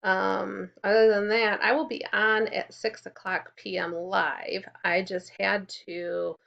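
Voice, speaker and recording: A woman teaching a kindergarten class in a recorded lesson, speaking clearly and encouragingly and prompting the children to repeat after her. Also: mid-range voice, flat delivery, takes it slowly, a bit bright, highs cut off.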